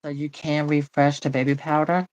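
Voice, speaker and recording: A woman's voice: sits low, little pitch movement, moderate pace, darkish tone, highs cut off. A woman hosting a doll channel, chatting casually while she demonstrates.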